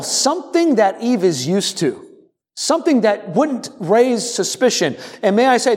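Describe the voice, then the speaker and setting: A man preaching a sermon as pastor, animated and calling on the congregation to answer him. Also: high voice, in a large hall. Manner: animated, calls on the congregation to respond.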